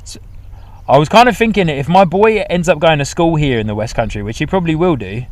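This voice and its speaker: A man's voice: fairly high pitch, animated, quick pace, a little mellow, no room sound. Chatty man hosting a plane-spotting livestream. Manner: chatty, reads out chat messages, upbeat asides. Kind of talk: casual live commentary. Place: outdoors at an airport.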